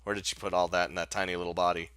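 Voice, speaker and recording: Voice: sits low, little pitch movement, rapid-fire, a bit bright, clean tone, dry recording, faint music behind. A game streamer reading visual novel narration aloud with jokey, crude asides. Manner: jokey, swearing, laughs at own asides. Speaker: let's play host.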